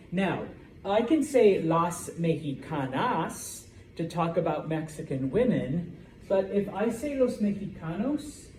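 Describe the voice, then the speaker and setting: Male language teacher, mellow tone, roomy classroom sound with faint noise. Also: high voice. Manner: checks in with "okay?" after each point. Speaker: Spanish teacher. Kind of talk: classroom lecture.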